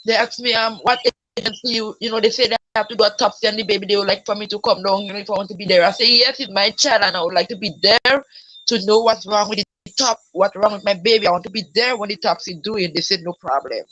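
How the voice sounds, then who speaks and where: A woman's voice: mid-range voice, fast talker, fairly bright tone, poor audio. A woman telling her story as a grieving mother in an interview, talking in a repetitive, pleading way that breaks into tears and a raised voice. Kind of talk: emotional personal testimony.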